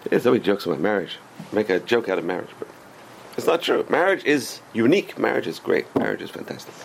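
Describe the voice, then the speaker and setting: Animated rabbi with a gravelly voice. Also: male voice, lowish voice, fast, slight background noise. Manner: animated, rhetorical questions to the class. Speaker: rabbi teaching a class. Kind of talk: religious class lecture.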